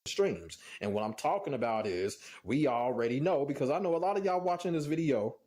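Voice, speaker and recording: A man's voice: medium pitch, lively intonation, a little fast, darkish tone. A man delivers an exasperated online rant in a mid-range voice. He swears freely and keeps sighing in disbelief between points. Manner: profane and exasperated, repeats "oh my God, man". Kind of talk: ranting online commentary.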